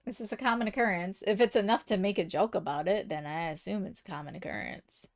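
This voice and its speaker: Woman, gravelly fry in her voice, casual stream chatter, self-mocking, drops to quiet mutters. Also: medium pitch, quick pace. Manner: often drops to quiet muttering while working. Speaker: live-stream artist. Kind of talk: casual chat while drawing.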